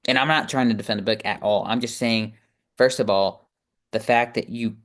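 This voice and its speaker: A man's voice: on the low side, steady tone, moderate pace, fairly bright tone. A man hosting a casual book review video, reading reviews aloud and answering them with chatty, sarcastic commentary and frequent laughs.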